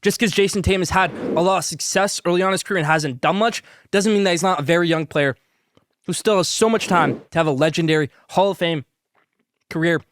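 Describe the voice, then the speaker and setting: A man's voice: high voice, fast, fairly bright tone. Hyped male sports podcast host. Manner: hyped, salesy, talks with food in mouth. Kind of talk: sponsored hot-takes segment while eating.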